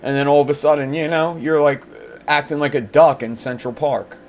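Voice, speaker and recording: A man's voice: on the high side, steady tone, fairly quick. An American man from Pennsylvania, hosting casual, rambling chat with frequent swearing. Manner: rambling, laughing easily, swearing. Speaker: podcast host.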